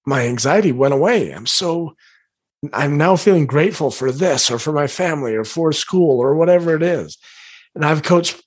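A man's voice: fairly high pitch, husky. A man in his forties, a life coach, giving a motivational teaching talk to viewers in an earnest, emphatic way and repeating his key phrases.

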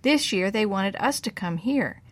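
A woman's voice: mid-range voice, lively intonation, a little slow. A woman voicing a bossy, teasing boy. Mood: firm. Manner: bossy, reassuring. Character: steady, teasing older brother, a boy.

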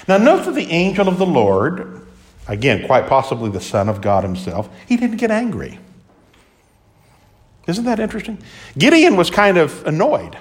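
Dramatic preacher with a lively high voice. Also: male voice, moderate pace, long pauses. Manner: dramatic preaching, acting out voices of biblical characters; swings from loud exclamations to hushed asides. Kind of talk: sermon.

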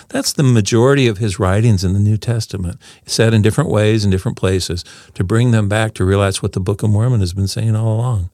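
A man with a fairly low voice lays out his teaching points in a relaxed conversation. His voice sounds dry and close to the mic. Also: no echo. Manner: explanatory, makes teaching points. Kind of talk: casual scripture discussion.

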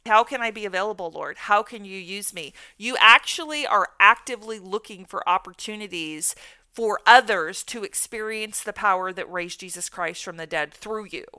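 A woman's voice: medium pitch, moderate pace, bright, forceful tone, no room sound. A woman hosting a faith podcast, a counselor who speaks in a reflective, affirming way.

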